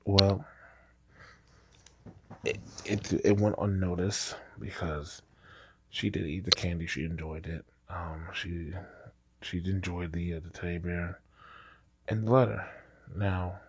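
A man's voice: low-pitched, steady tone, takes it slowly, long pauses, background noise. A man casually telling a personal story, rambling and restarting his sentences. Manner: rambling, repeats himself with false starts.

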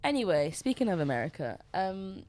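Woman, podcast co-host, chatty storyteller with an even middle pitch. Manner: storytelling, quick asides. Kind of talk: casual chat.

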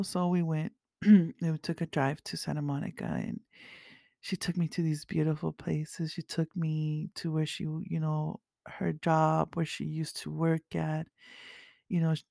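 A woman hosting a podcast, telling a personal faith story in a rambling way, often saying "you know" and clearing her throat, dropping to a hush at tender moments. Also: low-pitched, level tone, measured pace, dry recording, clean studio sound. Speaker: podcast host.

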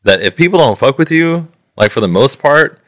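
A man's voice: mid-range voice, animated, normal speed, a bit bright, no room sound, clean studio sound. A man in casual podcast chat, swearing freely and acting out the people in his stories.

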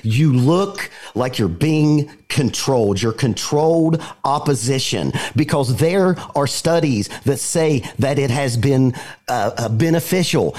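A man's voice: mid-range voice, darkish tone. A man from Appalachia arguing his side insistently as a podcast debate panelist. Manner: argumentative, insistent.

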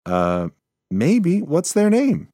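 A man's voice: on the high side, wildly swooping pitch, drawn-out words, dark tone, no echo, studio quality, voice pushed up, exaggerated voice. A man voicing a small, anxious young male mouse who speaks eagerly and politely. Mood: pleading. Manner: eager, pleading.

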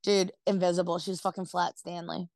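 A woman's voice: on the low side, flat delivery, fairly quick, darkish tone, dry recording. A woman co-hosting a podcast, telling a story in casual chat, rambling with lots of "like" and "dude" and casual swearing. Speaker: podcast co-host.

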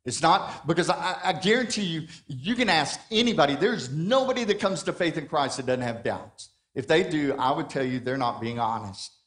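A pastor with a slightly high male voice preaches in a relaxed, talky style. He keeps questioning his listeners, and he restarts his phrases and doubles words as he goes. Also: normal speed, few pauses. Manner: conversational preaching, asking the congregation questions; frequent restarts and repeated words. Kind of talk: sermon.

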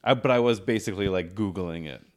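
A man's voice: sits low, fast talker, a little mellow. A man co-hosting a casual podcast chat, laughing often and slipping into playful voices. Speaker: podcast co-host.

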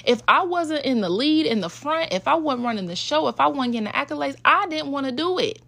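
A woman's voice: sits high, expressive, brisk, vocal fry, a bit bright. A woman, a mother talking casually and emotionally about raising her kids. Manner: chatty, emotional, switches into voices when quoting. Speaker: mother sharing parenting experience. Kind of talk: casual personal talk to an audience.

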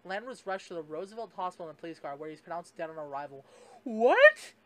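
A man's voice: a little high, very fast. A young man hosts a solo podcast. He rambles and swears freely, restarting his sentences and leaning on fillers as he talks things through. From Canada. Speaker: podcast host. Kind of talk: casual solo podcast rant.

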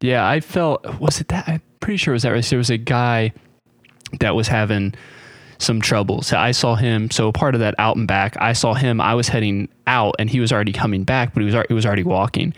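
A man's voice: on the low side, brisk, no room sound. A man hosting a podcast over a remote call, telling rambling, friendly stories in casual chat. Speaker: podcast host.

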